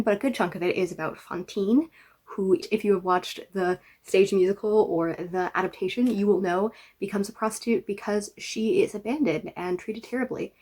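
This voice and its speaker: A young woman chatting to camera about her reading list, chatty and wry, with playful asides and the odd whispered word. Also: medium pitch. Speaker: book vlogger. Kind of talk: casual book talk to camera.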